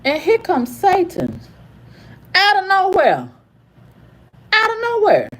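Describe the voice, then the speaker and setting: A woman's voice: huge pitch swings, slow pace, a bit bright. Furious woman in her fifties ranting. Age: 50s. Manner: angry, profane, repetitive ranting; swings from low growls to high cries. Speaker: vlogger. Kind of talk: heated storytime monologue.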